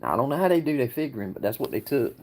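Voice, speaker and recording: A man's voice: mid-range voice, big pitch swings, rapid-fire, darkish tone. A man talks in a casual livestream chat. He rambles in a folksy way, answering viewers and laughing often. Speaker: livestream host.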